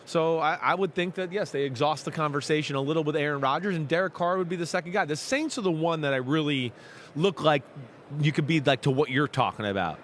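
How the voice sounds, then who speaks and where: Halting man from New Jersey. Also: on the high side, fairly bright tone, a little hiss or hum. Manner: halting, full of fillers and restarts. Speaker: sports talk show co-host. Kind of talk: casual sports talk.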